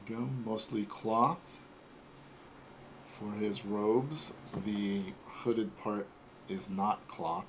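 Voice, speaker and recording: A man in his forties hosting a casual toy unboxing, talking in a relaxed, rambling way. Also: on the low side, extremely slow, long pauses, a little hiss or hum, rough recording. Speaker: toy collector host.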